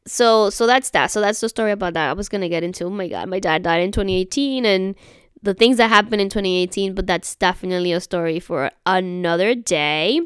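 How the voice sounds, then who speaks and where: A woman with a remarkably smooth, resonant voice speaks in a casual solo monologue. She is chatty and keeps checking in with her listener. She explains things patiently, and the sound is dry and close. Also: mid-range voice, no echo. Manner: explains patiently, spelling words out.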